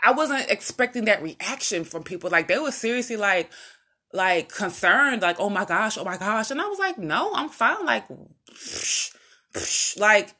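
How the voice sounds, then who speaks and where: A woman with a voice on the lower side talks straight to her viewers, casual and rambling as she tells personal stories. She wanders off track, circles back, and slips into acted-out lines of what others said. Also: slightly rough. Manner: rambling, conversational, loses her track and restarts; animated, acts out what others said. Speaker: vlogger. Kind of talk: casual personal storytelling to camera.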